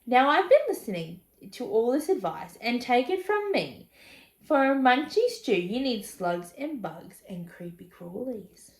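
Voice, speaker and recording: A woman's voice: fairly high pitch, very animated, unhurried, roomy sound, rough recording. A woman voicing a prickly, bossy male echidna who bristles as he speaks.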